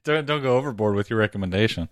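Tired male co-host, lowish voice on a dry close mic, teasing and deadpan. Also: racing, no echo. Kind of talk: casual chat. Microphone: studio microphone.

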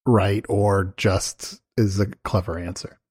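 Laid-back man judging a comedy game show, slow delivery, mellow tone. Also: low-pitched, steady tone, husky, dry recording, studio quality. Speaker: contestant and judge. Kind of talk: comedy podcast banter.

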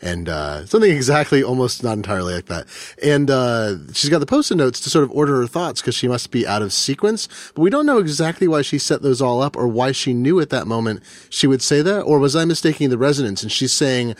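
A man chatting casually as a podcast panelist, jokey and quick to put on silly voices. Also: medium pitch, lively intonation, no echo. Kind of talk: casual chat.

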